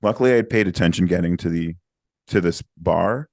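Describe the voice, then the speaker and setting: Podcast co-host, male, very low voice, dry close sound, lively storyteller who acts out the people in his stories. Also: brisk, no room sound. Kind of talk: casual storytelling.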